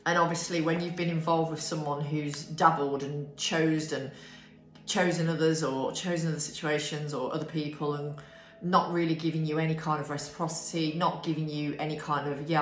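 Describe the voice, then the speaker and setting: A drowsy woman giving a casual tarot reading to camera, yawning and swearing freely. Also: low-pitched. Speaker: tarot reader. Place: bright room at home, indoors. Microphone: camera on a desk with ring light. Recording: echoey room with faint music.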